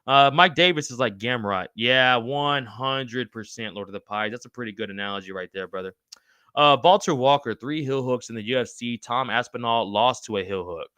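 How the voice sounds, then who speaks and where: A man hosting a live podcast stream, reading chat and reacting in an excitable, loose way, swearing freely and calling everyone brother. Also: mid-range voice, normal speed, clear, resonant tone, dry recording.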